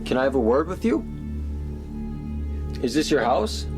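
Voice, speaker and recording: A man's voice: medium pitch, big pitch swings, a little slow. A young man in a scripted investigation video, talking casually and questioning people with bro slang. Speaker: paranormal investigator. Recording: background music.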